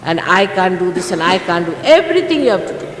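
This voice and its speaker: A woman's voice: on the low side, sing-song, fast. Older woman, spiritual teacher, scolding and exhorting, old archive recording, long hall reverb, faint hiss. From India. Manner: scolding, exhorting, with rhetorical questions. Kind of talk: informal spiritual talk to followers.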